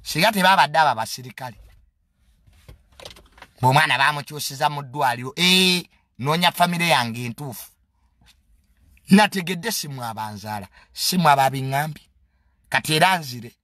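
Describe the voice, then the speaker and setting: A Ugandan man delivers a mocking, boastful comedy monologue with English words dropped in. His voice sits fairly high and swings widely in pitch, with a sharp, forceful edge. The sound is dry and close. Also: animated, moderate pace, pauses often, no echo.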